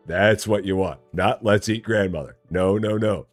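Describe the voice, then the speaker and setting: Soft music plays as this streamer talks slowly, leaving long pauses while he plays a store simulator. He jokes and rambles casually, laughing often, his pitch swinging in a lively way.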